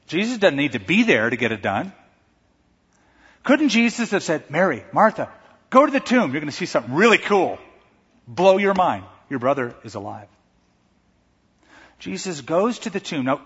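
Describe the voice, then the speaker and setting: A man preaching a sermon as pastor, animated, shouting out quoted lines. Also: mid-range voice, breathy edge. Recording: dull recording in a reverberant hall.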